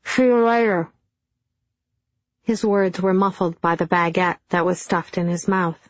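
Deadpan middle-aged woman narrating. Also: lowish voice, moderate pace, no echo. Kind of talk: audiobook narration. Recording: dull, dry studio sound.

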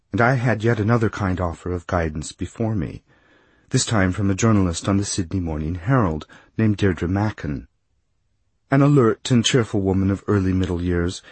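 A man's voice: sits low, darkish tone, breathy edge, no echo. A man reading a humorous travel memoir aloud, with a dry, wry comic delivery. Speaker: narrator.

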